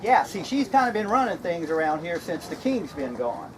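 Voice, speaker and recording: Crowd noise fills the air at an outdoor reenactment event as a man performs a jokey comedy skit in a high, sing-song voice at a moderate pace. He plays a jovial, folksy, slightly mad Straw Hatter who chuckles at his own jokes.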